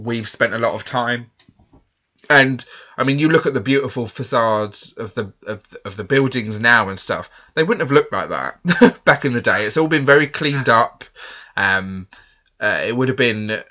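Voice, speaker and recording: A man's voice: fairly low pitch, sharp tone. A British man co-hosting a podcast in a casual, chatty, self-deprecating way, laughing often. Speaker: podcast co-host. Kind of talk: casual chat. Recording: dull lo-fi audio.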